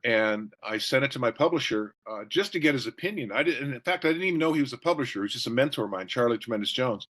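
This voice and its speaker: A middle-aged or older man, a guest author, telling stories in an interview with quick jokes and voices acted out for the people he quotes. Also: mid-range voice. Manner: jokey, animated storyteller who acts out quotes. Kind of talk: storytelling interview answers.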